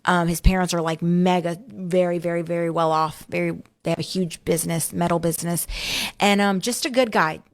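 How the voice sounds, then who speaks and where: A woman's voice: fairly low pitch, fairly even intonation, fairly quick. Candid woman telling her life story. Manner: candid, matter-of-fact, self-mocking. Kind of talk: casual storytelling.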